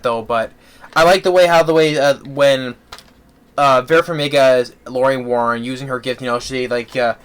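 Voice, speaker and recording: Rambling man reviewing a movie, smooth voice. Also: medium pitch, fairly bright tone. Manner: rambling, with many fillers and restarts. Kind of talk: casual spoken film review.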